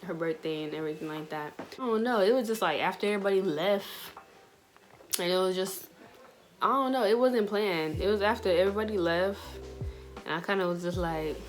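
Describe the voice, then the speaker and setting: A woman's voice: medium pitch, brisk, faint music behind. A young woman vlogger telling a personal story in a casual, slangy way, full of fillers. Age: young adult. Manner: chatty, slangy, many fillers.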